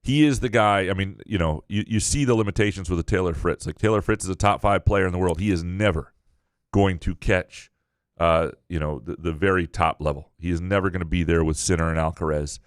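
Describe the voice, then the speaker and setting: Deep-voiced man, 40s, sportswriter, casual podcast analysis, many fillers, dry close mic. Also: fairly quick, no room sound. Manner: thoughtful analysis with many fillers, easy laughter.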